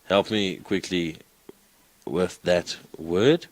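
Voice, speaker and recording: A man's voice: low-pitched, very slow, no echo, rough recording. A man teaching a Greek class, coaxing students with questions. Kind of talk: classroom lecture.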